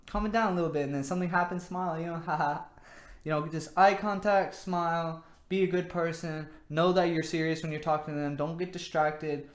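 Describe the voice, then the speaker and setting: A man hosting his own vlog, giving dating advice in a rambling, casual monologue, repeating words and saying "you know" often. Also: on the high side. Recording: echoey room.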